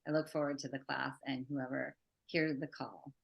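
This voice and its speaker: A woman guest, a psychotherapist and art teacher, speaking in a reflective, soft-spoken way. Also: rumbling low, little pitch movement, normal speed, creaky, breathy edge, muffled recording. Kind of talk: interview conversation.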